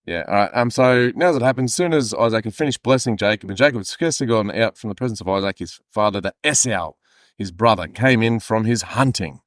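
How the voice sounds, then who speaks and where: A man's voice: on the low side, brisk, no room sound, studio quality. A man co-hosting a podcast, reading scripture aloud between casual chat, laughing often and swearing irreverently.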